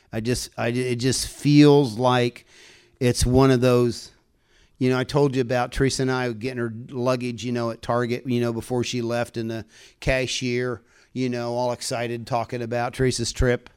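A man's voice: medium pitch, darkish tone, clear, resonant tone. A man preaching a conversational sermon, telling personal stories earnestly and building to fervent exhortation. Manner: earnest, folksy storytelling, rising to fervent exhortation.

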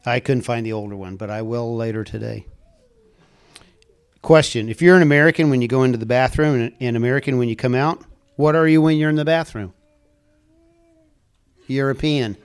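Older man giving a casual testimony to a congregation. Smooth, clear voice, rambling, chuckles at his own jokes. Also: medium pitch, brisk, long pauses.

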